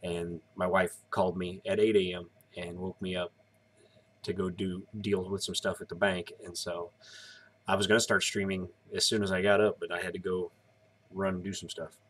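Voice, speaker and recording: A man's voice: low voice, flat delivery, moderate pace. A tired man in his thirties chatting casually on a live stream, rambling as he explains each step. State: tired, yawning.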